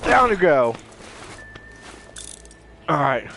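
A man doing casual let's-play commentary, excitable and goofy, playfully scolding characters in the game. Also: on the high side, drawn-out words, gravelly. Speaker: gameplay commentator.

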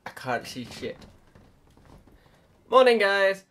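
Early-twenties YouTuber, bright tone, loose rambling chat, casual swearing, laughs at self. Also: medium pitch, animated, moderate pace, soft background music. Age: early 20s.

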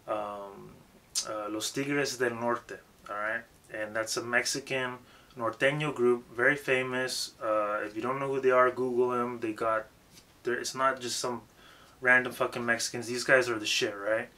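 A man's voice: mid-range voice, bright, forceful tone. A man giving a casual, emphatic lesson on rapping and stage presence, swearing freely and repeating himself for emphasis. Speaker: rap coach.

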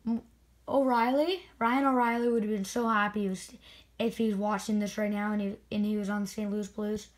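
A woman hockey video creator giving excited spin-the-wheel commentary with indignant outbursts. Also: medium pitch, moderate pace, slight background noise, low-quality recording.

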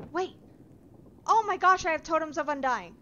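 A woman streaming a game, talking to herself and repeating words in quick strings, with bursts of frustrated outcries. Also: sits high, animated, highs cut off, a little hiss or hum. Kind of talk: casual live-stream gameplay commentary. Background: loud music.

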